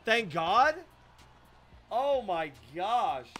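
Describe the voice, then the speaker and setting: A young man giving live gameplay commentary, excitable and self-deprecating, breaking into shouts when plays go wrong. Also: high-pitched, drawn-out words, faint music behind. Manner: self-deprecating, hard on himself. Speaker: gaming YouTuber.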